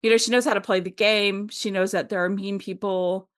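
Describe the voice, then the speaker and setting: A woman's voice: mid-range voice, steady tone, a little fast. Middle-aged woman, casual podcast co-host, rambling and chatty, mid-range voice. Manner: chatty, rambling, laughs often, many fillers. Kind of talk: casual chat.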